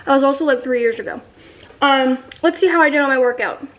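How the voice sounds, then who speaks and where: A young woman in her twenties chats to her vlog camera in a loose, rambling way, full of fillers. Her voice sits high. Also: quick pace, fairly bright tone, poor audio. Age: 20s. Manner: chatty, rambling, filler-heavy. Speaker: vlogger. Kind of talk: casual vlog chat.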